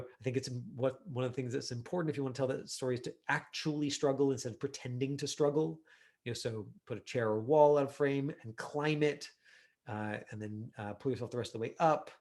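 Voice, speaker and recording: A man's voice: mid-range voice, vocal fry, a little mellow. Chatty male acting teacher, full of fillers. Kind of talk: online acting class, reviewing a self-tape.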